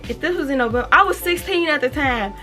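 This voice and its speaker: A young woman, telling a storytime on her vlog in an animated way, swearing freely and reading text messages aloud. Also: high-pitched, fast talker, soft background music. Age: 20s. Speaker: vlogger. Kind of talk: casual storytime.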